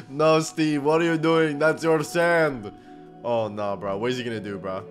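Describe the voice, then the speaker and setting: A young man giving excitable, slang-heavy reaction commentary on game clips, laughing often. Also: fairly high pitch, normal speed, soft background music.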